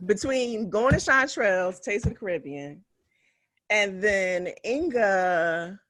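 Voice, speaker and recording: A woman's voice: medium pitch, slow, no room sound. A woman in her forties from West Philadelphia, co-hosting a casual podcast chat, telling stories with lots of laughter and acted-out quotes. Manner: animated storytelling, laughs often, acts out quotes. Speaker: podcast co-host, physician.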